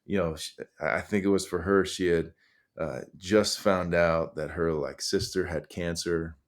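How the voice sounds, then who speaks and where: Earnest man telling stories, lowish voice. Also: measured pace. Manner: earnest, animated, many fillers and restarts. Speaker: podcast guest, high school coach. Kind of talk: conversational storytelling.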